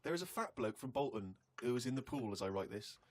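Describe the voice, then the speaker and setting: A fast-talking man in a radio studio, reading a diary aloud with a teasing edge and frequent laughter. His voice sits at a middle pitch, and a clear hiss runs under the recording. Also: lively intonation. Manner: teasing, quick, bursts into laughter. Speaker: host.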